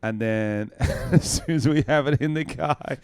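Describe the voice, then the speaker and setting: Podcast host, smooth voice. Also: male voice, medium pitch, measured pace, a little mellow, no echo, clean studio sound. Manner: teasing, laughing often. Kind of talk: casual podcast chat.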